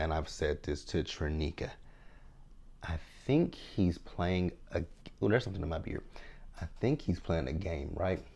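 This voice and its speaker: In a low-pitched, warm voice, a TV show reviewer in his thirties gives a casual recap. He talks frankly and chattily, regularly asking his viewers "right?"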